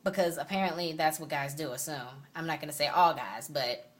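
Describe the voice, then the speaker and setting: A woman's voice: deep voice, fairly quick. A woman vlogger telling a story to her phone camera in a sassy, emphatic, indignant way. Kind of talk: casual storytelling vlog.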